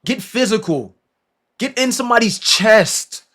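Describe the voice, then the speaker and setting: Excitable slangy man breaking down hoops. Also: high-pitched, measured pace. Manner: excitable, repeats phrases, laughs often, slangy. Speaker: basketball reaction creator. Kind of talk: casual game breakdown over footage.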